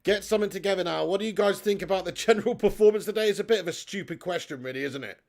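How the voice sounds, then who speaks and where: A young man hosting a live football watch-along, excitable and swearing as he shouts at the referee. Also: high voice, rapid-fire, creaky. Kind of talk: live match commentary and chat.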